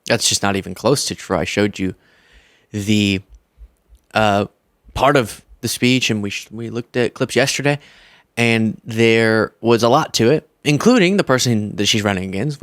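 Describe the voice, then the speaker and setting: A man hosts political commentary, answering clips with heavy sarcasm and mock outrage. His voice is smooth and resonant, recorded close and dry with no room sound. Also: mid-range voice, fairly bright tone, dry recording.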